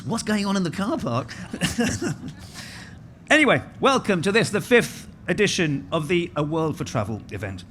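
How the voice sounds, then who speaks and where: A man's voice: on the high side, a bit bright, a little hiss or hum. A middle-aged man hosting a conference as master of ceremonies, chatty and self-mocking, speaking into a stage microphone in a large hall. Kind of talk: conference welcome speech.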